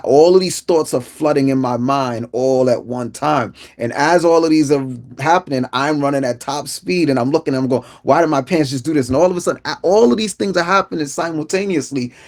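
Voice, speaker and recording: Gravelly New man telling his story. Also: mid-range voice. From Brooklyn, New York. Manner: vivid storytelling, repeats phrases, drops to a hush for tense moments. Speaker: inspirational speaker. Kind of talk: personal testimony.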